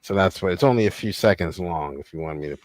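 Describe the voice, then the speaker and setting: A man with a very deep voice, recorded close and dry. He speaks haltingly in casual chat and stumbles over his words. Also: darkish tone, no echo. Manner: halting, stammering.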